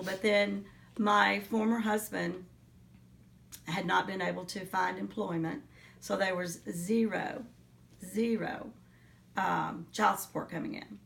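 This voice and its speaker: Gravelly middle-aged woman telling her story. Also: mid-range voice, fairly bright tone, far from the mic. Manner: earnest, reflective storytelling with pauses and fillers. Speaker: interviewee, teacher. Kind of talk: oral history interview.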